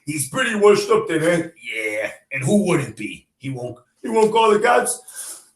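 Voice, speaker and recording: A man voicing rough, slangy male newspapermen bantering loudly, read aloud to a class. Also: on the high side, sing-song, unhurried, pitched above the performer's own voice. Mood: gruff. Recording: echoey room.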